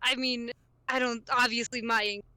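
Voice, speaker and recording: A woman chatting on a podcast with a high, bright voice, recorded dry and close. She rambles through her thoughts, swearing and laughing along the way. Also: little pitch movement, normal speed, clean tone, no echo. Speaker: podcast co-host. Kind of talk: casual chat.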